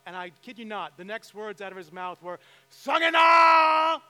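In a church sanctuary, a middle-aged pastor preaches a sermon, telling a story with emphatic rises in his voice. He speaks a little fast in a high, sharp-toned voice, and the reverberant hall carries a faint mains hum.

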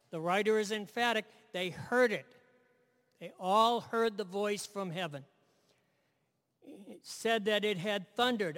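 Slow-preaching man in a reverberant hall. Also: high voice, a bit bright. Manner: conversational, repeats phrases, asks "right?". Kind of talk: sermon.

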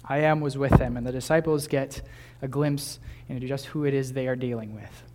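Young male preacher, mid-pitched, relaxed and conversational, chuckling now and then. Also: a little fast, a little hiss or hum. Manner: conversational, with small laughs and restarts. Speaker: pastor. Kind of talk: sermon.

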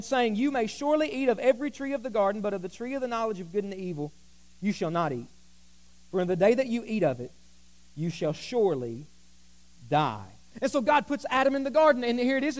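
A man preaching a sermon as pastor, emphatic, repeating key lines and joking with the congregation. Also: very high-pitched.

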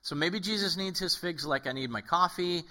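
Man, pastor, conversational sermon, high-ish voice, very bright tone. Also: moderate pace. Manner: animated, acts out quoted voices, frequent "okay?".

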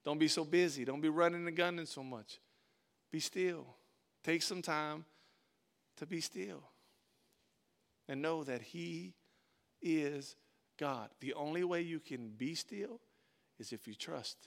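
A man's voice: on the high side, a little slow, vocal fry, pauses often, fairly bright tone. A male pastor preaching a sermon in an informal, conversational way, repeating words for emphasis.

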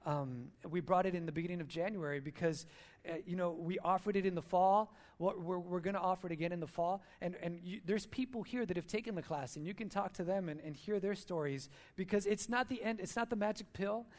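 Guy preaching a sermon, high voice, earnest storytelling, church talk. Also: brisk. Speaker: church speaker.

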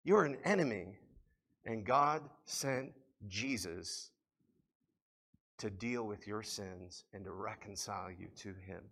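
A man preaching a sermon to a congregation, swinging between loud appeals and quiet reflection. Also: lowish voice, slow pace. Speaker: pastor.

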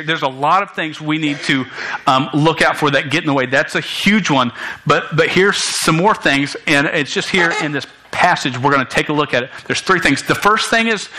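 A young man preaching a sermon to students in a church, animated and stumbling over words, with joking asides. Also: fairly high pitch, rough recording. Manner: animated, many restarts and stammers, jokey asides. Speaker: youth pastor.

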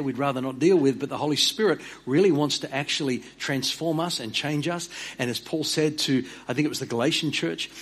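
An earnest man preaching a sermon, repeating and restarting words and dropping quiet for emphasis. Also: medium pitch. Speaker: pastor.

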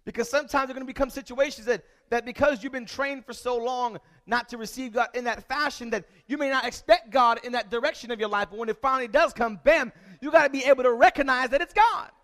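A man preaching as a pastor, moving from a relaxed story to loud, repeated calls to the congregation. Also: very high voice, fast, few pauses. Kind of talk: sermon.

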